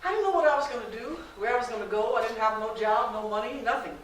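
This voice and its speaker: A woman's voice: fairly high pitch, fast, a little hiss or hum, close to an everyday voice. A woman playing a devout, determined formerly enslaved mother who tells her own story in an emotional first-person stage monologue. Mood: earnest. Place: large echoey library room. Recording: echoey room from far off.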